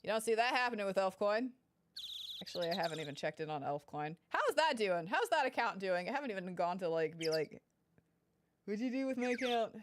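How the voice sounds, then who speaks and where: A woman's voice: medium pitch, fairly quick, slight background noise. A young woman streaming a first playthrough of a game, reading dialogue aloud and chatting casually, swearing and giggling. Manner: animated, swearing, giggly, reads dialogue in voices. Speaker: gaming streamer. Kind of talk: let's play commentary reading game text aloud.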